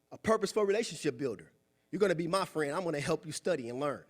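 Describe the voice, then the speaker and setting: A young man giving a preachy, animated motivational talk at a club meeting, acting out quoted voices. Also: on the high side, racing. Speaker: guest speaker. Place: meeting room.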